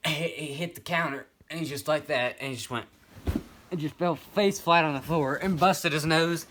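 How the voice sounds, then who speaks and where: A man playing a grandfather who rambles through an absurd tall tale in a meandering, deadpan way. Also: fairly high pitch, moderate pace, background noise, lightly acted. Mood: rambling. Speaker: comedic storyteller. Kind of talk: improvised comedy monologue.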